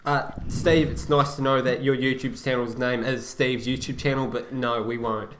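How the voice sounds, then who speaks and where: A man acting as analyst in amateur sports commentary, deadpan and self-mocking. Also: mid-range voice, normal speed, background noise. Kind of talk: comedic banter.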